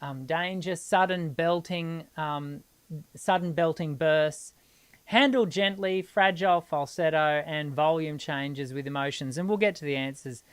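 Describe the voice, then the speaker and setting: An Australian woman teaching singing on a live stream, answering viewers' questions. She explains in an animated way and laughs easily. Her speaking voice sits a little low for a woman. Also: unhurried, clean tone.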